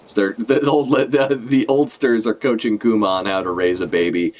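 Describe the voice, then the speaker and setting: A man's voice: fairly low pitch, normal speed, hardly any pauses. A man streaming a live reaction to a comic, talking casually and animatedly, swearing freely as he follows the story. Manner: animated, swears casually, talks over the panels.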